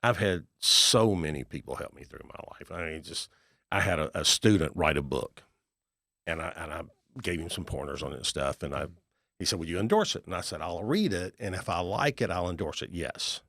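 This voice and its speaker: A middle-aged man with a very deep, gravelly voice tells stories in a podcast interview. He acts out the voices of the people he talks about in a folksy way. The recording is close and dry. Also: a little fast, no echo. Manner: folksy, animated storyteller acting out dialogue. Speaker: guest, real estate investor and author.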